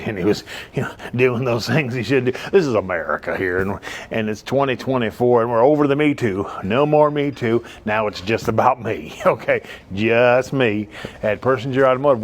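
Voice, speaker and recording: A middle-aged man pitches his own car lot in an off-the-cuff, joke-filled ad. He rambles, chases tangents with asides, then steers himself back to the sales pitch. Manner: rambling, jokey, drifts off topic with asides. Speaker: car dealership owner.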